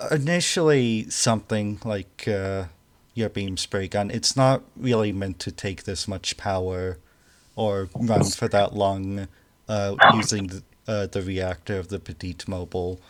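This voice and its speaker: A man narrates a tabletop role-playing game as its game master. His voice sits a little low, and he talks slowly, pausing often with fillers as he describes scenes and calls for rolls. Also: noisy background. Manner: slow, hesitant narration with fillers.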